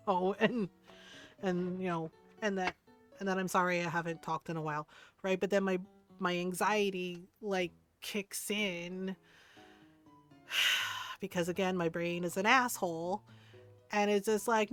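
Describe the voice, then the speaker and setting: Middle-aged woman, game streamer, casual rambling chat, frequent giggles, mid-pitched voice, faint background music. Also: unhurried. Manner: rambling and giggly, laughs often.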